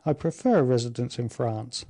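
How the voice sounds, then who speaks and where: A man's voice: mid-range voice, moderate pace, warm tone, natural voice. A man reading an ardent young duke. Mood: eager. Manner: eager and impassioned.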